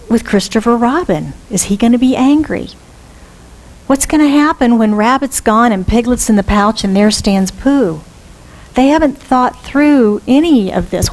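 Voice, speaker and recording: A woman minister preaching in a church. Her voice sits a little high, and she tells a story in a lively way, putting questions straight to her congregation. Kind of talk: storytelling sermon.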